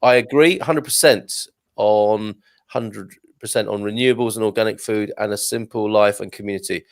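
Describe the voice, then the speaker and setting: Male host, gravelly tone, dry close sound, casual and chatty, reads comments with off-the-cuff asides. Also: lowish voice, moderate pace, no echo. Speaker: show host reading viewer comments. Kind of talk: casual live-stream chat.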